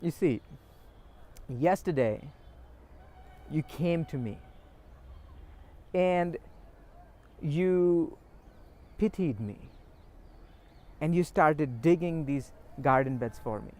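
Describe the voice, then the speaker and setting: A man voicing a calm, wise old hermit who patiently explains a lesson. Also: on the high side, extremely slow, long pauses.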